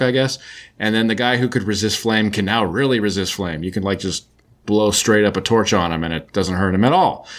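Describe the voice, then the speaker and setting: A man casually recapping a story in a loose, chatty way, full of filler words. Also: lowish voice. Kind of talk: casual comic book recap.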